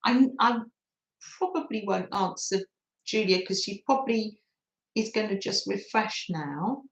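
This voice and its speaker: In an echoey room, a woman with a medium-pitched voice speaks a little slowly. She's hosting a craft livestream, giggling and chatting casually as she reads viewer comments off her phone.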